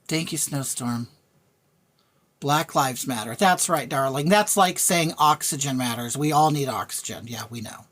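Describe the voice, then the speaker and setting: Her voice is very deep and expressive, a little slow, as a woman reads her live-stream chat. She talks bluntly, thanks viewers by name, and repeats her points in a casual rant.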